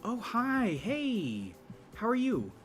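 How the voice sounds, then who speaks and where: A man putting on a high sing-song small-talker. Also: wildly swooping pitch, slow, faint music behind, exaggerated voice. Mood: bubbly. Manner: gushing, sing-song, eager agreement. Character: chirpy high-voiced small-talk persona, adult man, gushing.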